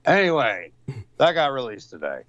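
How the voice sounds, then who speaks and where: Brief: hesitant, swearing male guest, mid pitch, dry muffled audio. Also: wildly swooping pitch, moderate pace, a bit bright, dry recording. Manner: rambling, hesitant, heavy swearing. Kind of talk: casual chat.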